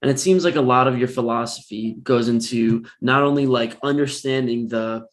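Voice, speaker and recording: A man's voice: medium pitch, normal speed. A man hosting a podcast interview, asking thoughtful questions and hunting for words as he goes. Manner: thoughtful, searching for words with fillers like 'like'. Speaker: podcast host. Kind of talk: casual interview chat.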